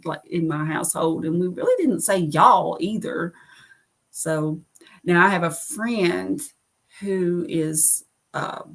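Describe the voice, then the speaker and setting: Middle-aged Southern woman host, deep voice with some fry, easygoing and rambling. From United States. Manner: rambling, many fillers, laughs at herself. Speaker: live stream host. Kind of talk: casual chat on a live stream.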